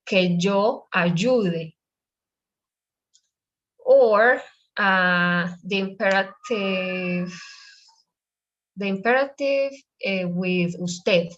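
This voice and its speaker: A woman teaching an online language class, explaining slowly and patiently over a video call. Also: mid-range voice, fairly bright tone. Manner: slow, patient explanations mixing two languages. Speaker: Spanish teacher. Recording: muffled lo-fi video call audio.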